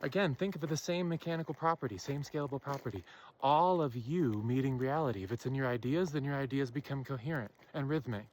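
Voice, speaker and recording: A woman giving an impassioned spiritual monologue to her viewers, stressing key phrases by slowing down and asking rhetorical questions. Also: a bass voice, darkish tone, a little hiss or hum. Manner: emphatic, asks rhetorical questions to the listener. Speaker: self-help speaker.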